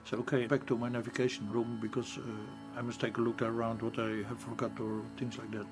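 A man with a Dutch accent, a ship captain recalling events in an interview, speaking halting non-native English and searching for words. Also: medium pitch, little pitch movement, music in the background. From Netherlands. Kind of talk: interview recollection.

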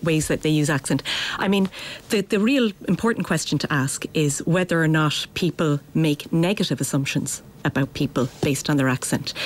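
Woman, academic guest, thoughtful, explanatory. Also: low voice. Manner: thoughtful, explanatory with small restarts.

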